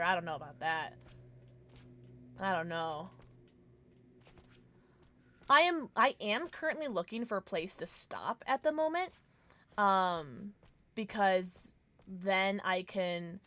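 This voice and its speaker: Excitable girl streamer gabbing with chat, voice bouncing all over, really bright tone. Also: mid-range voice. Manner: excitable, chatty, thanks viewers, reacts loudly to scares. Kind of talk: live gameplay streaming, chatting with chat.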